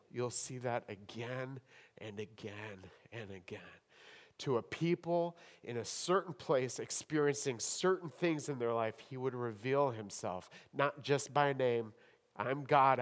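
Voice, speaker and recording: A man preaching a sermon in a church hall, with dramatic swings between loud emphasis and hushed tones. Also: medium pitch. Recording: long hall reverb.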